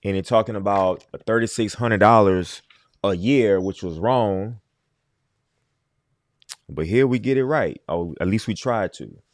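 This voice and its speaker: Male livestream host with a lowish voice, dry sound, emphatic casual delivery that hammers his points home. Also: unhurried, pauses often, dry recording.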